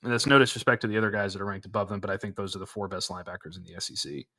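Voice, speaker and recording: A man playing a sports talk co-host with a lowish, bright, forceful voice. He gives firm opinions in a casual way and often restarts his sentences. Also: fairly even intonation, racing.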